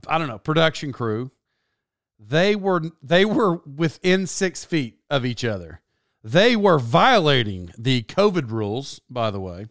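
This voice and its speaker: A man's voice: on the high side, fairly bright tone, clear, resonant tone, dry recording, clean studio sound. Rambling, sarcastic man on a comic rant. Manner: sarcastic, self-interrupting, stumbling restarts. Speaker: comedic commentator.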